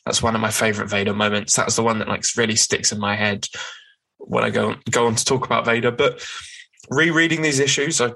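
A man's voice: medium pitch, fairly even intonation, brisk, gravelly, sharp tone, poor audio. A man hosting a casual podcast, recapping comic plots in a rambling way with many ums and sort-ofs.

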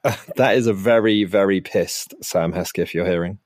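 A man's voice: low voice, moderate pace, darkish tone, dry recording, clean studio sound. A man hosting a podcast in casual chat, teasing his co-host and laughing often.

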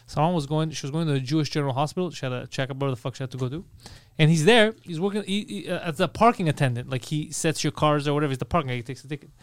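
A man's voice: fairly high pitch, very fast, smooth, no room sound. A man co-hosting a podcast in casual chat, blunt and teasing, swearing as he tells a story about a relative. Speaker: podcast co-host.

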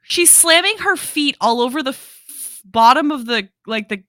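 Bright-voiced woman recapping a film. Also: high-pitched, expressive, a little slow, no echo, studio quality. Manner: explains at length, recounts scenes play-by-play. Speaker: podcast co-host. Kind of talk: casual movie discussion.

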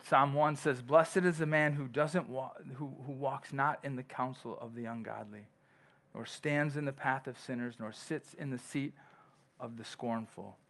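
A man's voice: mid-range voice, steady tone, moderate pace, a bit bright. A male pastor preaching a sermon in a conversational way, with frequent restarts and long scripture readings. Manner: reads scripture aloud.

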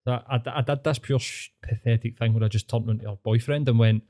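A man's voice: on the low side, fairly even intonation, fast talker, hardly any pauses, mellow. A man with a Scottish accent, hosting a casual podcast chat and telling blunt, sweary stories. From Scotland. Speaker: podcast host.

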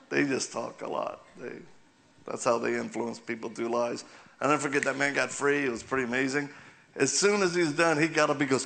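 A man's voice: medium pitch, fairly even intonation, normal speed, creaky, fairly bright tone. A man preaching a humorous sermon in a church, telling stories, asking the crowd questions and laughing often. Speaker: guest preacher. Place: church sanctuary.

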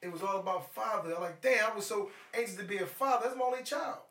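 A middle-aged man tells stories in a lively, profane way, his voice high and bright. He sits away from the mic in an echoey room. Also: fast, far from the mic. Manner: animated storyteller, profane. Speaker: guest. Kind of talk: casual chat.

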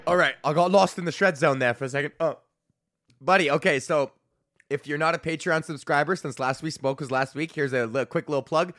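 A man's voice: a little high, a little fast, fairly bright tone, dry recording, studio quality, faint music behind. A man hosting his own podcast in a rambling, jokey monologue full of swearing. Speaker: podcast host and comedian.

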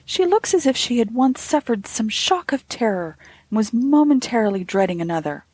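A woman narrating a classic ghost story in a lively, expressive reading with soft asides. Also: a little high, normal speed, breathy edge, no room sound.

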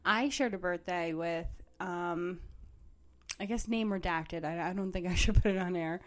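A woman's voice: lowish voice, moderate pace, a little hiss or hum. A woman co-hosting a podcast, chatting casually with a slightly nasal voice, swearing freely and laughing often. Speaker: podcast co-host. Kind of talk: casual chat.

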